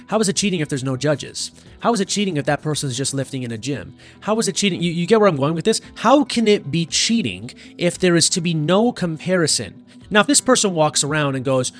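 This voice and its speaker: A man's voice: on the high side, fairly bright tone. A strength coach hosting his own show, ranting bluntly and profanely and firing off rhetorical questions. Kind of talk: solo rant to camera.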